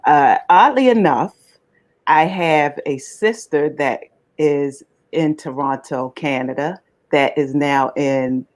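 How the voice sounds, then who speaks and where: A woman, an operating room nurse, chatting as a guest, cheerful and excitable as she tells a story. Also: low-pitched, takes it slowly. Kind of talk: casual interview chat.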